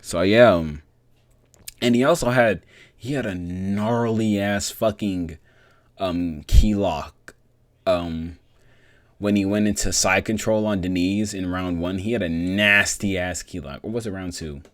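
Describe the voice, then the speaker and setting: A young man giving a casual, profane, rambling breakdown of fights as a vlogger, getting excited as he talks. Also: sits low, a little slow, no room sound. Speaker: MMA vlogger.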